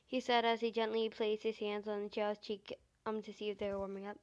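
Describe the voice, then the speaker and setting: A woman with a high, squeaky voice reading a fan-fiction story aloud, halting and stumbling with many fillers and restarts. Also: level tone, lo-fi sound.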